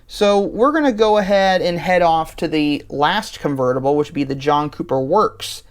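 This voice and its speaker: A man's voice: on the high side, normal speed, clear, resonant tone. A man, the channel's host, casually thinking aloud as he talks through building a car online in an easygoing voice-over.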